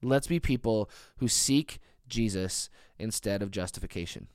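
Male pastor, 30s, sermon delivery; smooth resonant voice, emphatic rises and soft drops. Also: on the low side, moderate pace, dry recording, studio quality. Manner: earnest, builds to emphatic peaks then drops soft.

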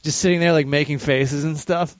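A man's voice: a little high, fairly even intonation, fairly quick, no echo, dull audio. A man in casual podcast chat who swears freely and laughs often. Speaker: podcast host.

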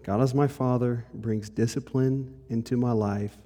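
A male pastor giving a conversational sermon. He moves between lively and hushed delivery and speaks straight to the congregation. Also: medium pitch, measured pace. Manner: conversational preaching, shifts between animated and hushed. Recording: long hall reverb.

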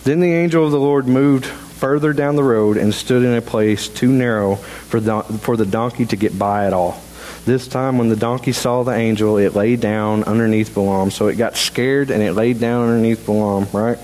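A man preaching a sermon in a church in a halting, conversational way, full of restarts. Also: mid-range voice, steady tone, a little mellow, a little hiss or hum, poor audio. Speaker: pastor. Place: church sanctuary.

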